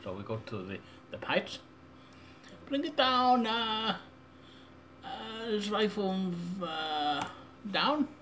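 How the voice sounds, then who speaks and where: A young man rambling through a deadpan, mock-serious audio software tutorial with absurd asides. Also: sits high, slow, pauses often, slight background noise. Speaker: tutorial maker.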